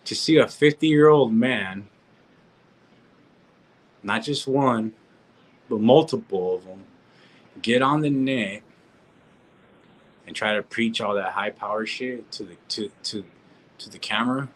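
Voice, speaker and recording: A man's voice: on the low side, slow pace, long pauses, slight background noise, rough recording. A man, talking in a casual live-stream rant, slangy and repetitive, peppering his talk with street asides and restarting his sentences. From California. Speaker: reaction streamer.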